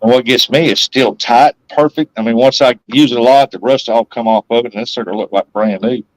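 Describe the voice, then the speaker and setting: A man's voice: mid-range voice, fairly even intonation, a little fast, low-quality recording. A man hosting a live stream, rambling casually and laughing often. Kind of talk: casual chat.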